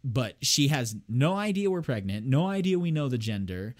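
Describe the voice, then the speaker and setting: A man's voice: mid-range voice, lively intonation, fairly quick, hardly any pauses, a little mellow. A man in casual chat, rambling through a story about his partner's pregnancy, laughing often and doing his friends' voices. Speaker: expecting father telling a story.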